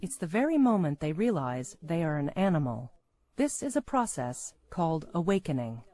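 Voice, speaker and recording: A woman delivering scripted documentary narration in a measured, expressive way. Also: deep voice.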